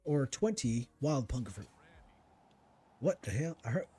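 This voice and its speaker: A man's voice: medium pitch, sing-song, unhurried, warm tone, husky, faint music behind. A man giving casual let's-play commentary, chatting to himself and teasing enemies as he plays. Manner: chatty, talks to himself and to enemies while playing. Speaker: gaming streamer.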